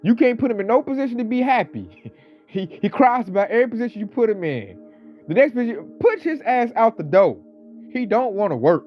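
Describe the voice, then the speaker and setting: A man delivering a casual ranting monologue, talking with animated, mocking energy and mimicking coworkers. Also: high voice, a little fast. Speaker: online commentator. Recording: slightly dull audio, faint background music.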